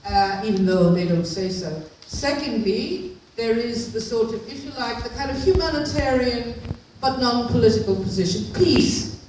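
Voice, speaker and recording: A woman's voice: a little high, expressive, normal speed, a little mellow, distant mic, a little hiss or hum. Earnest woman speaking in an echoey hall. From Northern Ireland. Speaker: activist speaker. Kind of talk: public speech.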